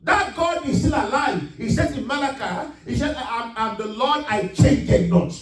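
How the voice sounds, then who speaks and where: A male pastor preaching a sermon, rising to emphatic shouts as he reads scripture. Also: extremely high pitch, lively intonation, normal speed. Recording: echoey room, mic at a distance.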